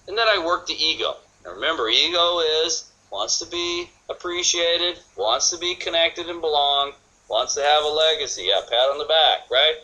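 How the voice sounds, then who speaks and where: A man's voice: a little high, moderate pace, pushed and bright, rough recording. A man giving a sales training talk, energetically acting out customers' thoughts in quoted voices.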